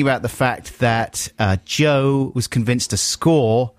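A man's voice: medium pitch, slow pace, clear, resonant tone, no echo. A man presenting a radio show, bantering with his co-host and laughing often. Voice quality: laughs often, animated delivery. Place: radio studio. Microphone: studio microphone.

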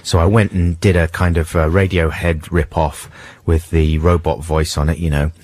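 A man hosting a radio show, chatting and joking in an animated way. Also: a bass voice, moderate pace. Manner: jokey, animated, breaks into silly voices. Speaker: radio host. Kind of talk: casual radio banter.

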